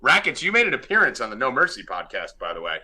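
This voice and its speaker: A man's voice: medium pitch, wildly swooping pitch, quick pace, sharp tone. A man hosting a casual sports betting podcast, brash, profane and teasing his co-hosts. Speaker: podcast host.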